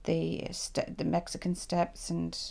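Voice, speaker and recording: An Irish woman in her sixties recalls her past for an interviewer. Her low voice is warm and mellow with a gravelly edge. She tells her stories in a lively way, voicing the thoughts she had back then. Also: slow pace. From Ireland. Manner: animated storyteller who acts out her own past thoughts. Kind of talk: reflective personal storytelling.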